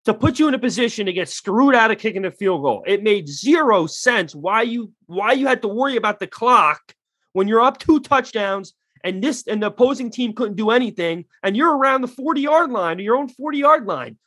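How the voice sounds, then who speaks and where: A man's voice: very high-pitched, expressive, normal speed, a bit bright, slightly rough, dry recording. A man ranting bluntly in casual sports talk, swearing freely and getting heated. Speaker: podcast co-host.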